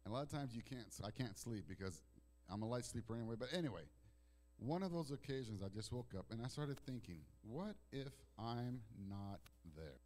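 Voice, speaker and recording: A male pastor preaches from the pulpit of a church. He swings from ringing declarations to near-whispered, drawn-out phrases. He often repeats a word or restarts a phrase before pressing on. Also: medium pitch, animated. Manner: dramatic swings between loud declarations and hushed, slow passages. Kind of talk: sermon. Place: church sanctuary.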